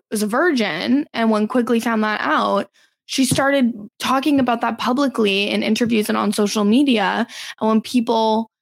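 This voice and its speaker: Woman, podcast co-host, casual chat, gravelly fry, fairly high voice, dry close sound. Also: no room sound. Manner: conversational, opinionated, uses "like" often.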